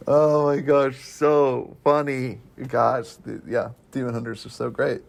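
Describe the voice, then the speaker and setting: A man with a slightly higher voice than most hosts a relaxed movie review chat with friends. He talks animatedly, laughing often and acting out quotes from the film in quick bursts. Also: vocal fry. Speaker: podcast host.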